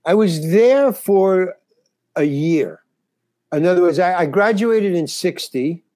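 Older comedian guy telling old road stories, kinda high voice, dry sound. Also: expressive, slow, warm tone, no echo. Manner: rambling, restarts, acts out quoted dialogue. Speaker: comedian guest. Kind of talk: casual storytelling interview.

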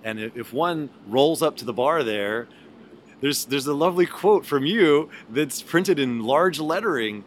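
A man's voice: a little high, lively intonation, measured pace, slight background noise. A man hosting a podcast, chatting casually in a wry, teasing way. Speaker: podcast host. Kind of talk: casual chat.

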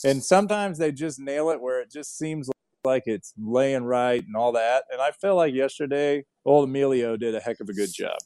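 A man's voice: mid-range voice, normal speed, dark tone, no echo, clean studio sound. A man co-hosting a casual chat, playful and teasing, joking with his partner. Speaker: podcast co-host.

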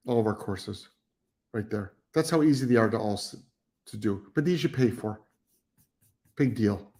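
A man's voice: lowish voice, normal speed, darkish tone. A middle-aged man hosting a live stream as a dog trainer, blunt and profane, repeating himself for emphasis as he reads chat comments.

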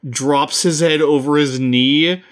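A man co-hosting a podcast who talks quickly in casual chat and laughs often. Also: a little high, fairly even intonation, clean tone. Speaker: podcast co-host.

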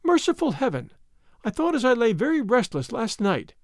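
A man's voice: on the high side, very animated, moderate pace, no room sound, clean studio sound. A man reading an audiobook voices a scheming stepmother whose sweetness hides something wicked. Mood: feigned alarm. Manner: falsely sweet, then sharp. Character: sly scheming stepmother, soft-spoken, secretly wicked. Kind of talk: audiobook character voice.

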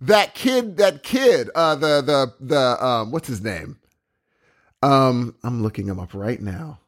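A man co-hosting a casual movie review conversation, animated, exclaiming and laughing often. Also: mid-range voice, slow pace. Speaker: podcast co-host. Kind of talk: casual film review chat.

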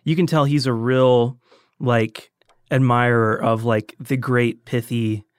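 A man's voice: mid-range voice, fairly even intonation, takes it slowly, clean tone, no room sound. Easygoing man chatting about films, dry sound. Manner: agreeable, full of fillers like 'yeah' and 'like'. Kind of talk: casual film discussion.

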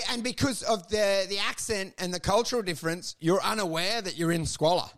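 Man, high voice, crude comic podcast riffs, loud bursts when acting out bits. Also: fairly quick, few pauses. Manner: animated, crude, acts out bits loudly. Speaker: podcast co-host. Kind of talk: casual comedic chat.

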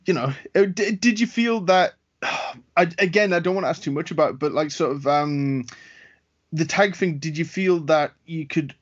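A man's voice: fairly high pitch, moderate pace. A man hosting an interview, asking hesitant, searching questions with many fillers. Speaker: podcast interviewer. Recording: dull lo-fi sound.

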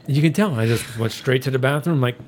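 A man's voice: mid-range voice, fast talker. A man who is a guest on a chatty podcast, talking bluntly and casually and swearing freely. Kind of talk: casual chat.

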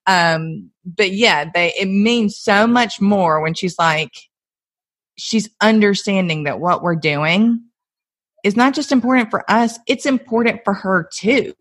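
A woman, a mother and guest, telling stories in an animated, casual way and laughing often as she talks. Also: mid-range voice, unhurried. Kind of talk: casual conversational storytelling.

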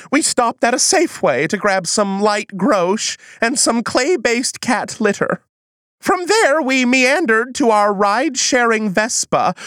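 A woman performing a comedy sketch in a high, swooping voice, whiny and over-the-top melodramatic. Her delivery is unhurried and slips into folksy old-timey phrasing. The sound is close and dry. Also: fairly bright tone, no echo.

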